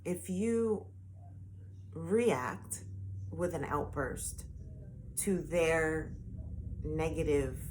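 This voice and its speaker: A woman vlogger telling a personal story in a casual, rambling way, full of fillers and restarts, mostly soft and low-key. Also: extremely slow, pauses often, slight background noise.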